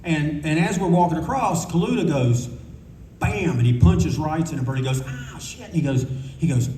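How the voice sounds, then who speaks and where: A man's voice: fairly high pitch, moderate pace, warm tone, slight background noise. An older man telling casual, profane stories on a convention panel, acting out the people he quotes. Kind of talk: live anecdotal storytelling. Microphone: audience recorder at a distance. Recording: echoey room from far off, faint ambience.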